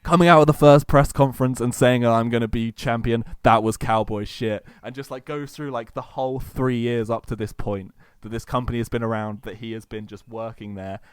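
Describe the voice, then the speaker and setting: A man's voice: medium pitch, a little fast, hardly any pauses, smooth, no echo, studio quality. A man cohosting a casual podcast chat, eagerly retelling a long story and acting out quotes between many fillers.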